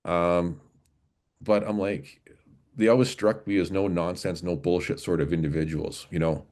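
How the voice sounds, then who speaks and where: A man in his forties, a podcast guest and former police officer, telling his story in an earnest, halting way with many restarts. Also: low-pitched, steady tone, darkish tone. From Canada, Alberta. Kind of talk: casual storytelling interview.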